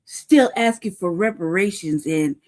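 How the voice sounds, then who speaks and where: A woman's voice: lowish voice, unhurried, darkish tone. Heated, profane woman ranting. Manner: heated, profane rant full of rhetorical questions; frequent laughs and "you know what I mean". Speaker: podcast host. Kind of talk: unscripted political commentary.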